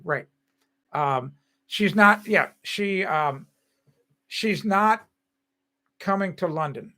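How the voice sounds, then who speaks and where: An older man signing off a live stream in loose, rambling chat with his viewers, laughing easily as he goes. His voice sits a little high for a man and comes across bright and forceful. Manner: chatty and rambling, laughs often.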